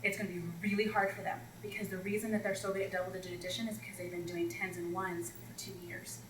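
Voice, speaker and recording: A woman math coach talking teachers through classroom routines in a chatty, animated way, acting out scenes with students. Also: mid-range voice, quick pace, noisy background. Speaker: math instructional coach leading a teacher workshop. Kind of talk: presenting to teachers. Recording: roomy echo, far from the mic, faint ambience.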